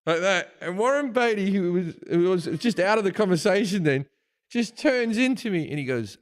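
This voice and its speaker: A man's voice: high-pitched, expressive, moderate pace. A male stand-up comedian telling a comic story on a podcast, profane and rambling, full of restarts.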